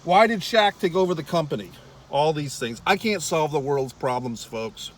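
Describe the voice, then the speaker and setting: A man with a voice a little higher than most talks to his viewers from a car while he eats. He rambles and swears freely, with wry asides to the audience. A faint hum of background noise sits under his voice. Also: animated, normal speed. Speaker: vlogger. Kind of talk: casual eating vlog rant.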